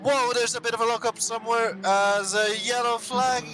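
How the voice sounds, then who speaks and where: A man commentating a live sim race, excitable and full of fillers and exclamations. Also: very high voice, moderate pace, slight background noise.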